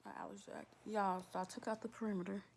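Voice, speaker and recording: A young vlogger tells a casual storytime, animated, exasperated and talkative. Her medium-pitched voice races along.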